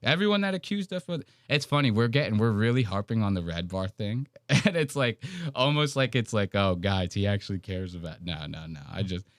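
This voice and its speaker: A man's voice: medium pitch, very animated, a little fast, no room sound, studio quality. A man co-hosting a podcast, talking in casual, mocking banter and swearing freely. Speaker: podcast co-host.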